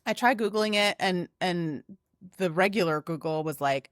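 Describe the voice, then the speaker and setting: A young adult woman co-hosting a podcast, telling a story in lively casual chat, swearing often and acting out her own reactions. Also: mid-range voice, moderate pace, dry recording, studio quality. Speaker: podcast co-host.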